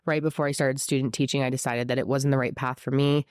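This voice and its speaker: Talking fast and in a level tone, the congested young woman recounts a true crime case to camera, her low voice darkish, smooth, yet scratchy from a cold. She keeps throwing in emphatic, chatty asides with fired-up indignation, captured in a close, dry recording.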